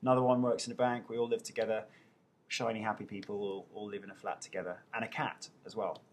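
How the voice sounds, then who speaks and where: A man's voice: on the low side, level tone, fast talker, a little hiss or hum. A young man hosting a live webcam Q&A, chatting loosely as he reads out viewers' names and answers their questions. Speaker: TV host answering fan questions.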